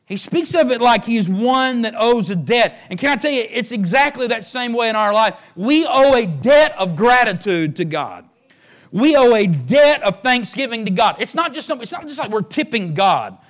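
A man preaching a sermon as a pastor, talking conversationally and then building to loud, drawn-out exhortation. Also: very high voice, sing-song.

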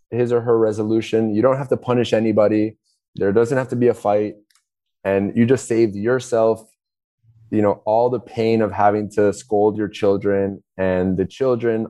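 A man's voice: on the low side, warm tone, dry recording. A man guest on a podcast, explaining ideas by acting out short dialogues, with many restarts. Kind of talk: casual interview talk.

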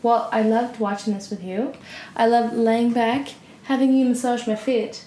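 A woman guesting on a casual film-review podcast, playful and teasing, quick to joke. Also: fairly high pitch, fairly even intonation, mellow. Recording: roomy echo, faint background noise.

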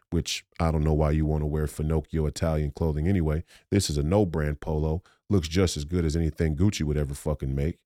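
Podcast host, male, low voice, confrontational and profane, repeats lines for emphasis, dry sound. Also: darkish tone, no echo. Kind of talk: profane monologue.

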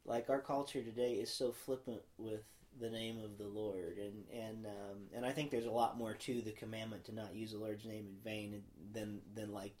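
A man's voice: on the low side, fairly even intonation, moderate pace, few pauses, a little mellow. A man hosting a podcast, talking earnestly and reflectively about a worship song, often trailing off mid-thought. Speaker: podcast host. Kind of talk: casual chat with worship singing. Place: podcast studio.

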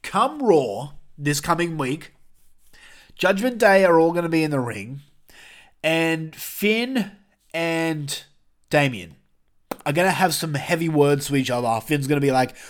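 A young man hosting a casual wrestling review podcast, animated and swearing, with jokey asides. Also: on the high side, unhurried, long pauses.

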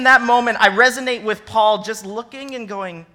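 Young man, associate minister, from the Midwest, sermon, animated, sarcastic emphasis, bright voice. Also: extremely high pitch, moderate pace, hardly any pauses. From American Midwest. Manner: animated and conversational, acts out scripture with sarcastic emphasis.

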